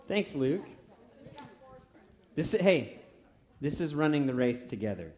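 A man's voice: a little high, sing-song, measured pace, darkish tone. A man leading a youth group in casual, encouraging talk with a playful touch.

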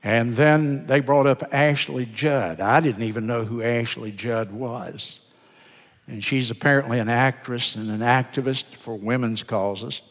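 An older man, a pastor of many years, preaching a sermon in an earnest, deliberate way, drawing out words for emphasis. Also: medium pitch, steady tone. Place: church sanctuary. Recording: sermon in a reverberant church sanctuary.

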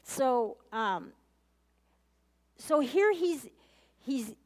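Speaking very slowly in an animated, high-sitting, slightly mellow voice, a woman leads a conversational Bible study. This Bible teacher earnestly questions her listeners directly and often goes back to repeat or restart phrases.

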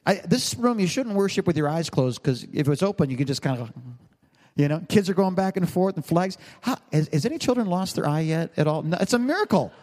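A middle-aged man preaching to a congregation, his fairly high voice carrying a long reverb around a big church hall. He talks loosely and jokily, drifting into asides and teasing the room between his points. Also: expressive, brisk, darkish tone. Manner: conversational, joking, rambling preaching with asides to the congregation. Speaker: pastor. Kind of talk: sermon.

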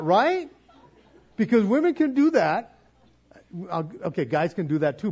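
A man delivers a sermon in an easy, conversational way and acts out little asides. His voice sits high and sounds husky. The recording is dull and lo-fi. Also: a little mellow. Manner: conversational, with acted-out asides and repetitions. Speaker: preacher.

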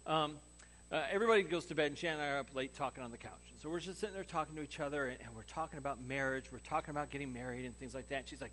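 Animated storytelling pastor, man. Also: fairly high pitch, very fast. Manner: animated storyteller acting out quoted dialogue. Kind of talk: sermon storytelling.

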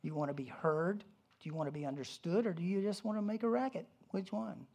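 A pastor delivers a relaxed, conversational sermon in an animated way. The talk is loose and full of humorous asides and quick restarts, and the voice sits at an ordinary middle pitch. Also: breathy edge.

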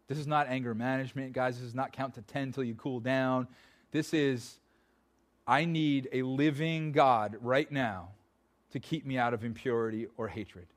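A man with a voice of ordinary pitch preaches in a church. His delivery is casual and conversational. It moves between quiet, pleading passages and livelier, louder urging. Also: steady tone, moderate pace. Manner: conversational preaching, dropping to soft pleading then rising. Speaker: pastor. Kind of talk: sermon.

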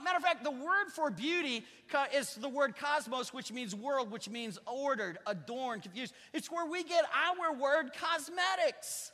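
A pastor preaching from the pulpit, talking to the congregation like a conversation and then leaning hard on the words that matter. His voice sits very high and sounds bright and cutting. The sanctuary adds a long trailing reverb. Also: lively intonation, normal speed, hardly any pauses. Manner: conversational preaching with emphatic rising stresses. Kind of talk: sermon. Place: church sanctuary. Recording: church hall reverb.

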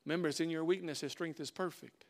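A man's voice: on the high side, steady tone, fast talker, a little mellow. A male pastor preaching a sermon, emphatic and direct, often repeating his phrases.

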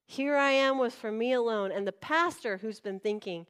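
A woman preaching to a congregation in a church, her voice sitting a little high. She tells a personal story with lively, acted-out dialogue. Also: moderate pace, clean tone. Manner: animated storytelling, acts out dialogue. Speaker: pastor.

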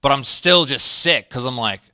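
A man giving a sermon in a relaxed storytelling way, his voice bright and forward. He sometimes sinks low and soft to act out his own reactions. The sound is close and dry, with no room echo. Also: normal speed. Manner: storytelling, drops to a low quiet voice when quoting himself. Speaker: pastor.

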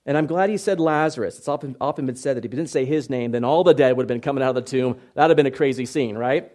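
A man's voice: medium pitch, very fast, few pauses. A man preaching an expository sermon in a conversational way, reading scripture aloud and often checking in with listeners. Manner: conversational, tag questions, bursts into loud acted shouts. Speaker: pastor.

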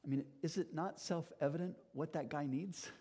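A man's voice: a little high, normal speed, mellow, breathy edge. A man preaching a sermon as pastor, earnest and emphatic, speaking directly to his congregation.

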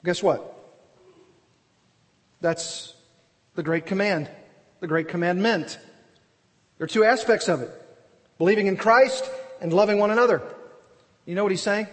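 A man's voice: high-pitched, unhurried, long pauses, big-room sound. A man preaching an expository sermon, earnest and emphatic, asking and answering his own questions. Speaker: pastor.

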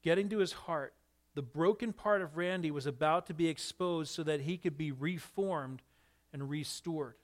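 Brief: pastor, male, higher-pitched, lively storyteller who puts questions to the room. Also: normal speed. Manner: animated, asks the listeners questions. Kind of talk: sermon storytelling.

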